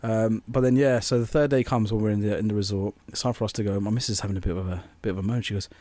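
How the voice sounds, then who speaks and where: A man's voice: fairly low pitch, fairly even intonation, racing, mellow, dry recording. A young man co-hosting a podcast, rambling through an anecdote and acting out quoted voices. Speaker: podcast co-host. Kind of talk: casual storytelling chat.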